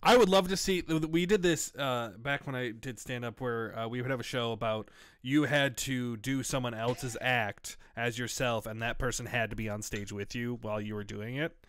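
A man's voice: medium pitch, normal speed, fairly bright tone, clear, resonant tone. A man in the audience making joking suggestions to the hosts and chuckling through his comments. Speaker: audience member. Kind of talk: casual comedy chat.

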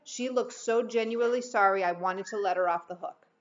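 A woman teacher reading a novel aloud in a steady storytelling manner. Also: mid-range voice, fairly quick. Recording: dull muffled recording.

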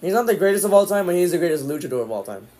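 A man streaming live, casually calling the action play-by-play, with sudden excited outbursts. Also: high-pitched, racing. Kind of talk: live watch-along commentary.

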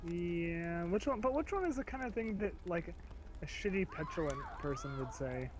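A young man with a fairly high voice co-hosts a casual gaming session. He cuts in with quick, joking remarks. He is speaking into a cheap microphone. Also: animated, slight background noise. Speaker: co-host. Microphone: cheap low-quality mic.

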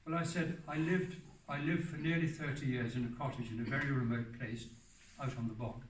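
A man's voice: mid-range voice, fairly even intonation, fairly quick, slight background noise. Older man telling stories in a roomy hall. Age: 70s. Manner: rambling, often restarts and corrects himself. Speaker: hermit giving a public talk. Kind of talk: anecdotal storytelling talk. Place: hall for a public talk. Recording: roomy sound from a distant mic.

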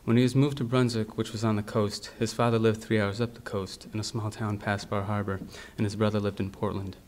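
A man with a somewhat low voice reads his own literary prose aloud at a university library event. His delivery is steady and measured, and he keeps the dialogue quiet and understated. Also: a little hiss or hum. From United States. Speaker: author reading his fiction.

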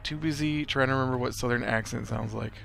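A man's voice: mid-range voice, steady tone, quick pace, vocal fry, a bit bright, soft background music. A man hosting a let's play, giving casual gameplay commentary in a chatty way, reacting aloud to the game and laughing often.

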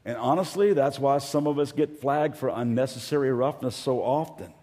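A man preaching a sermon as pastor, animated, now and then mimicking angry voices for effect. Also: medium pitch, normal speed, in a large hall.

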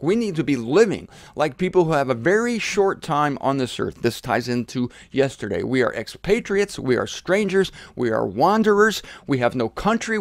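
A man's voice: on the high side, dry recording. A man hosting his own show, teaching the Bible in an emphatic, conversational way with irreverent asides. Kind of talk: animated solo Bible teaching.

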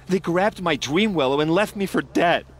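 A man's voice: a little high, expressive, normal speed. An actor playing a selfish, complaining male village healer in a game, speaking with indignant drama. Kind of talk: game character dialogue.

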